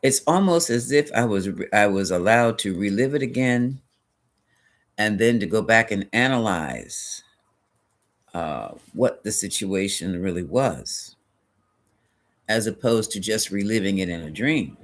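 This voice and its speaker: A man's voice: fairly low pitch, lively intonation, unhurried. Rambling man hosting a live stream. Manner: rambling and chatty, drifts off topic and corrects himself; greets viewers by name and answers chat. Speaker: host of a spiritual tarot live stream. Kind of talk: casual live-stream chat with viewers.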